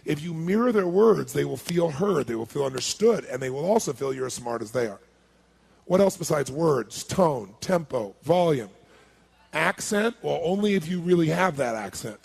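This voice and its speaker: Gravelly, husky male seminar speaker. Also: a little high, normal speed. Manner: energetic, questions the audience. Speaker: motivational speaker. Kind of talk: seminar talk to a live audience.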